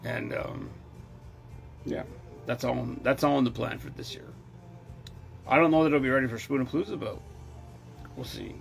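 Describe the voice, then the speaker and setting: A man's voice: mid-range voice, wildly swooping pitch, normal speed, creaky, long pauses, soft background music. A man hosting a casual chat show, talking bluntly and teasing his co-host.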